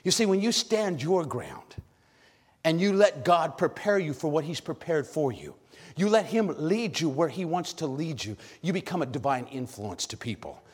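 A man preaching a sermon with lots of energy, calling out questions to the congregation and shouting at high points. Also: expressive, moderate pace, slightly rough. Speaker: pastor. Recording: long hall reverb.

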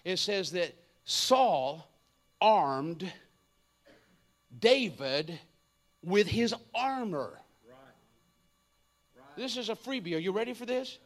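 A man in his fifties preaching an energetic, comedic sermon, joking and acting out voices. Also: sits high, slow, pauses often. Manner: animated, jokey, acts out voices, shouts at times.

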